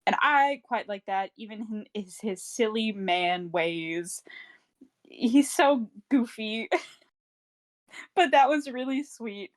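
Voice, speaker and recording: A woman's voice: on the high side, animated, slow pace. A woman co-hosting a book club podcast in casual chat, wry and teasing, often trailing off with fillers.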